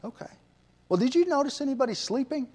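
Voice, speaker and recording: Calm patient preacher, as a man tells it. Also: very high voice, pitched above the performer's own voice. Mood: gentle. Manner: gentle, asks questions slowly.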